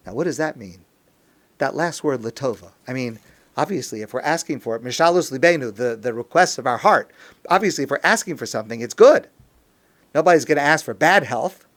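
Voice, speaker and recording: A man speaking as a rabbi in a recorded talk, earnest, reading Hebrew phrases slowly and translating them, rising to an intense pleading tone at times. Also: a little high, fairly bright tone. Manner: earnest, rises to an intense pleading tone when quoting prayer.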